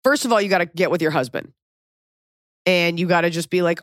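A woman's voice: on the low side, fairly quick, no echo, studio quality. A woman hosting an advice podcast, talking bluntly and swearing freely as she fires off questions in casual chat. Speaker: podcast host giving advice.

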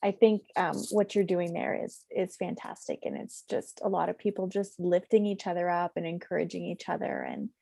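Gravelly, husky woman host. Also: lowish voice, fairly even intonation, moderate pace, hardly any pauses, dark tone, no echo. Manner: encouraging, affirming. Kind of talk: conversational interview.

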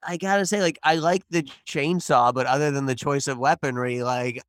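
A man from the northern United States co-hosting a casual movie review podcast, blunt and animated, swearing casually. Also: mid-range voice, normal speed, clear, resonant tone, no echo, studio quality. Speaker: podcast co-host.

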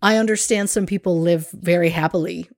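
A woman's voice: fairly low pitch, steady tone, dry recording. A woman co-hosting a podcast, speaking candidly and wryly in casual chat, often restarting her sentences. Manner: candid, halting restarts, wry. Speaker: podcast co-host and researcher. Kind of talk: casual true-crime chat.

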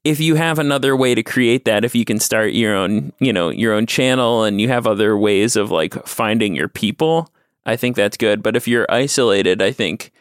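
A man's voice: lowish voice, moderate pace, clean tone, no room sound, clean studio sound. A man, a comedy writer guest on a podcast, chatting in a laid-back, self-deprecating way. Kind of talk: casual comedic chat.

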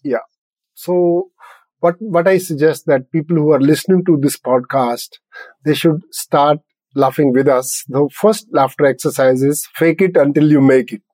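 An older man speaks as a podcast guest, laughing often as he explains things in simple terms. His voice is warm and mellow, pitched a little high for a man. The recording is dry and close. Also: normal speed, no room sound, poor audio. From India. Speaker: laughter yoga founder, guest. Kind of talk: podcast interview.

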